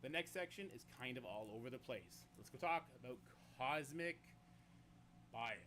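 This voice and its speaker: A man narrating a game guide in a brisk, instructive and confident manner. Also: medium pitch, lively intonation, pushed and bright, slight background noise.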